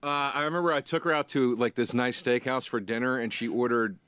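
A man's voice: medium pitch, fairly even intonation, brisk, a bit bright, clear, resonant tone, dry recording. A man who does stand-up comedy, telling a story in a casual chat and laughing often. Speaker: stand-up comic guest.

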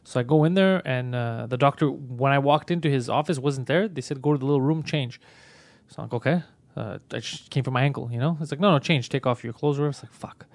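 A man's voice: mid-range voice, fast talker, no echo. A young man, a comedian, telling a story in casual chat and acting out the voices, with a lot of swearing.

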